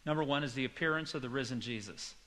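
A man preaching in a church hall, telling personal stories and turning to the audience with questions. His voice is bright and forceful at an ordinary middle pitch. A long hall reverb trails behind his words. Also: fast talker. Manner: chatty storytelling with personal anecdotes and asides to the audience. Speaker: pastor teaching a Bible study. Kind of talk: conversational sermon.

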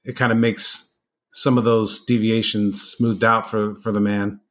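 A man's voice: fairly low pitch, little pitch movement, unhurried, a bit bright. A man in his forties, a guest in a casual interview, answering in a plain, matter-of-fact way. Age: 40s.

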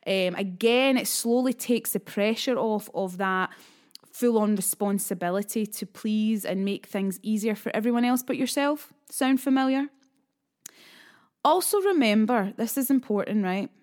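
A Scottish woman hosts a self-help podcast and talks straight to her listeners. She is frank and chatty and throws in sassy asides. Her voice sits at a middle pitch. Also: measured pace, a little mellow. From Scotland. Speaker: podcast host and coach.

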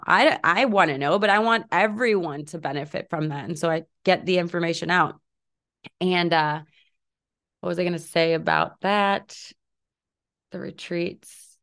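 A woman in her thirties talks through her solo podcast in a chatty, upbeat way. Her voice sits a little low and has a gravelly, vocal-fry texture. She fills her talk with asides and little quoted remarks. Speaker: podcast host. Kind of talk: casual solo podcast chat.

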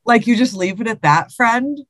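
A woman's voice: fairly high pitch, expressive, moderate pace, a bit bright, no room sound. A woman co-hosting a podcast, chatting casually and reading listener stories aloud with laughs and swearing. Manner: laughing, swearing, repeats herself.

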